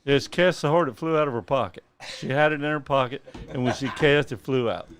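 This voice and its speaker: Co-host, male, mid-pitched, easygoing, dry jokes. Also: a little fast, a bit bright. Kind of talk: casual chat.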